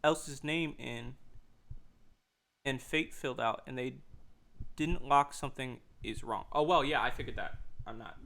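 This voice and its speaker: A young man streaming a game live, talking excitedly and nervously and swearing often. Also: mid-range voice, unhurried, long pauses. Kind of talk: live gameplay commentary.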